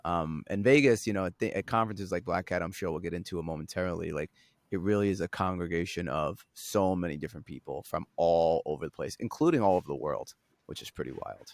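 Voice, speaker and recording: A man with a New York accent talks as a podcast guest, patiently explaining and tagging on "right?". His voice is deep, and the sound is dry and close. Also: fast, dry recording. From Staten Island, New York. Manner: explanatory, uses "right?" often. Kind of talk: casual chat.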